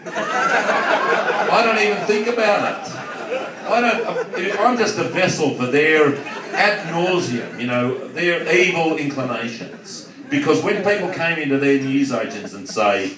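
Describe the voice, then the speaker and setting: A male Australian stand-up comic trades crude, insulting banter with his audience. His voice sits a little high and swings a lot in pitch. It comes through a roomy pub hall from some distance, with loud crowd laughter all around. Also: lively intonation, measured pace. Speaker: stand-up comedian. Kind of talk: live stand-up with crowd work. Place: pub function room in front of a live audience.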